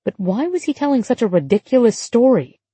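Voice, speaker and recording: A woman reading an audiobook in a measured, even storytelling manner on a close studio mic. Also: fairly high pitch, husky, no echo. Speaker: audiobook narrator. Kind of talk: scripted narration.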